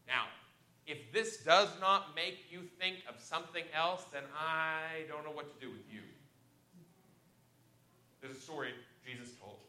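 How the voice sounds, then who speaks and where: A man preaches in a church, his voice sitting a little high and ringing sharp and forceful. He tells stories with dramatic jumps in loudness, and the hall gives everything a roomy echo. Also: unhurried, long pauses. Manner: animated storytelling with sharp swings in loudness. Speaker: pastor. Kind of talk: sermon. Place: church sanctuary.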